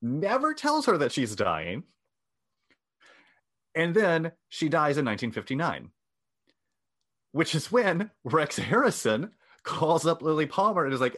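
A man's voice: a little high, wildly swooping pitch, a little slow, long pauses, a bit bright. A man casually telling a gossipy old-Hollywood story to a co-host, wry and dry. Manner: wry storyteller, mock posh voices for quoted people.

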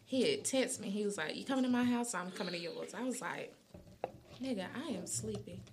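A woman's voice: mid-range voice, fairly quick, vocal fry, noisy background. A young woman telling a brash, profane story in casual chat, acting out both sides of the dialogue. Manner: animated storytelling, quotes people in dialogue; brash, swears freely.

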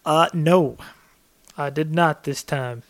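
A man co-hosting a podcast, chatting in a relaxed way with lots of "like" fillers. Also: a little high, slow. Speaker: podcast co-host. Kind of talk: casual chat.

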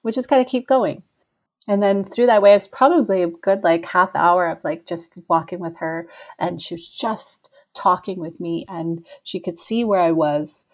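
A woman's voice: lowish voice, moderate pace, hardly any pauses. Earnest woman telling a personal story. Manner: earnest, reflective, loosely rambling. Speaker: ultra trail runner telling her story.

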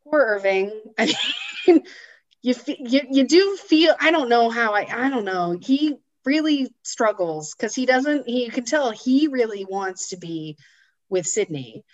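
A woman's voice: a little high, lively intonation, a little slow, lo-fi sound. A woman co-hosting a podcast, chatting casually and rambling a little while recapping a film. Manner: chatty, rambling, uses many fillers. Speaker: podcast co-host.

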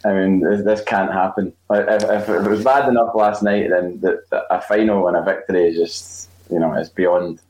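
A man co-hosting a football podcast, joking, laughing and talking in halting bursts. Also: low-pitched, fairly even intonation, darkish tone. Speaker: podcast co-host. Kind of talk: casual football chat. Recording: roomy echo, faint noise.

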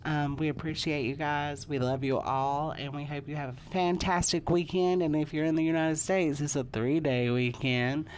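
Deep-voiced lady cohosting a chill podcast, lots of ums and laughs, faint hiss behind. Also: fairly even intonation, moderate pace, few pauses, a little mellow. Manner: chatty, laughs often, trails off with fillers. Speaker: podcast co-host. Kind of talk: casual chat.

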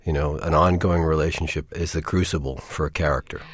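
A male TV writer reflects casually in an interview. His voice is very deep, recorded close and dry. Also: fairly even intonation, a little fast, slightly rough, no room sound.

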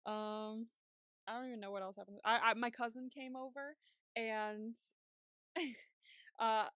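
Young woman, podcast co-host, bright voice on a dry, close mic, chatty and quick to laugh. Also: fairly high pitch, steady tone, dry recording. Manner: chatty, laughs often, acts out her own reactions. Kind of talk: casual chat.

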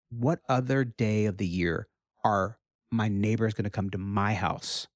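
Animated pastor telling a family story. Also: male voice, gravelly, dry recording, clean studio sound. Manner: animated, rises high when quoting his kids. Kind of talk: casual storytelling chat.

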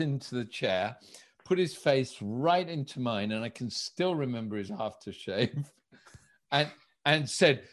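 A man recounting casting stories in an interview, acting out the dialogue as he goes. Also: a little high. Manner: animated storyteller, acts out dialogue. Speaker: guest, director recalling casting. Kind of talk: anecdotal storytelling in an interview.

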